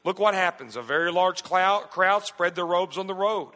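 High, bright-voiced preaching man in a reverberant hall. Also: normal speed. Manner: preaching with rising, shouted emphasis and folksy asides. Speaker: pastor. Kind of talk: sermon.

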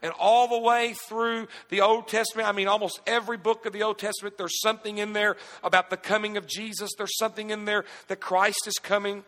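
A pastor preaching a sermon in a high, bright voice that climbs into shouted emphasis and drops into folksy asides. His voice rings with long reverb in a church sanctuary. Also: little pitch movement, fairly quick, hardly any pauses.

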